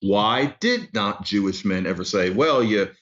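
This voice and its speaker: Male expert guest, lively up-and-down delivery, muffled lo-fi line. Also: lowish voice, unhurried. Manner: animated storytelling explainer. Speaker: guest author and linguist. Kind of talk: explanatory interview talk.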